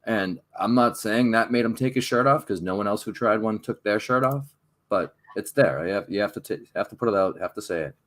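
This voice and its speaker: Male co-host, lower voice, dry understated humor, casual chat. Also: fairly quick, fairly bright tone. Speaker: podcast co-host.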